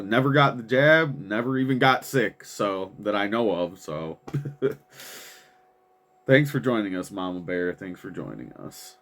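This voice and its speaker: Low-voiced slow, rambling male show host. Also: a bit bright. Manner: rambling and self-deprecating, stumbles over names with chuckles; swears casually. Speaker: podcast host. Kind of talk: casual chat, reading out follower names.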